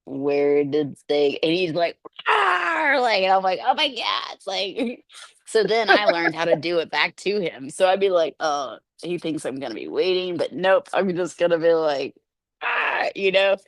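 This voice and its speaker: A woman's voice: on the low side, moderate pace, no echo. A middle-aged woman telling stories in a casual chat. She laughs often and acts out the quotes. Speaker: podcast guest.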